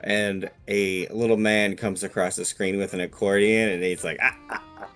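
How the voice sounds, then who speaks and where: Guy game-mastering a tabletop game, lowish voice, laid back, describing scenes. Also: flat delivery, normal speed, a bit bright, soft background music.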